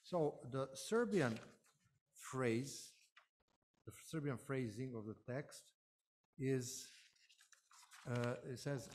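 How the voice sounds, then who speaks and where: A man working as counsel, cross-examining a witness in formal legal questioning, measured and deliberate with hesitant restarts. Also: medium pitch, a little mellow, slight background noise.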